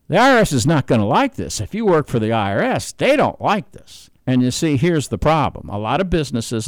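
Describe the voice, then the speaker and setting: A man's voice: a little high, dry recording. An older American man giving an unscripted political monologue, explaining his points emphatically and repeating words for stress.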